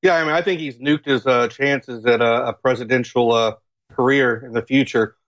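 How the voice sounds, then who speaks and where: A guest from Florida appears on a political talk show, speaking in a plain middle pitch with a steady, slightly bright tone. His speech is halting, full of restarts and fillers, and the audio is muffled and somewhat lo-fi.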